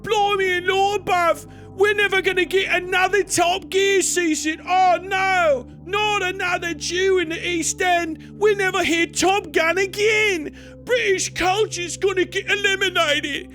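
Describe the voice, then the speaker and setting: A man's voice: extremely high pitch, fairly even intonation, a little slow, hardly any pauses, pushed and bright, soft background music, pitched above the performer's own voice, full character voice. A man voicing a whining, panicky British man who wails in melodramatic despair. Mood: wailing. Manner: wailing, melodramatic, mock-despairing.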